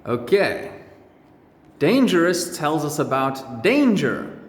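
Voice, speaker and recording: A man teaching English words to children, slowly repeating each one with exaggerated pronunciation in a classroom. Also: a little high, animated. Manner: drawn-out, exaggerated word drills. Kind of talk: slow repeat-after-me pronunciation lesson for children. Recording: echoey room with long reverb.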